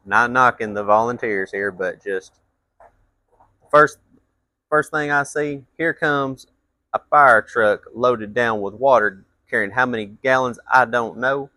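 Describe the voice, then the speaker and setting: A man's voice: medium pitch, measured pace, sharp tone, dry recording. A man telling a blunt, profane story as a rant, his voice jumping up into heated outbursts. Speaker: vlogger.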